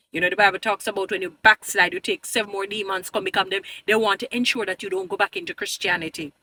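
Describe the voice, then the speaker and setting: A woman's voice: medium pitch, pushed and bright, a little hiss or hum. A woman giving an emphatic, pleading opinion commentary to her viewers, often turning preachy. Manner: addresses viewers as "beautiful people". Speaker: vlogger.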